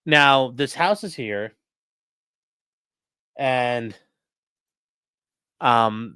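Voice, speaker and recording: A male host giving livestream commentary in an animated, sarcastic way, reacting to clips and reading chat aloud. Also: mid-range voice, clear, resonant tone, no room sound, studio quality.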